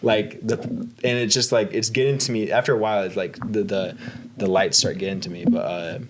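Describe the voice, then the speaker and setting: A man who is a guest on a podcast, talking in casual chat, halting and trailing off as he speaks. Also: fairly low pitch, flat delivery, a little hiss or hum. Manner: halting, trails off, laughs between words.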